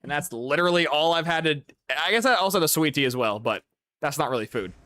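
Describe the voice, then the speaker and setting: A man's voice: a little high, expressive, quick pace, pushed and bright, no echo. Profane young man ranting on stream. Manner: rambling, profane, exasperated ranting. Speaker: gaming streamer. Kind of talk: casual livestream chat.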